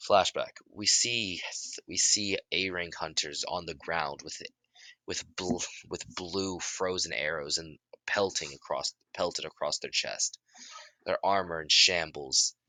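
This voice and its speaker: A man improvising a story as narrator, halting with many restarts and fillers. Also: deep voice, bright, forceful tone, no echo.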